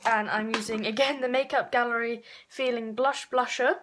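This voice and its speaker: A woman, chatting casually through a makeup tutorial with frequent fillers and quick self-corrections. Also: fairly high pitch, fairly even intonation, background noise. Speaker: beauty vlogger.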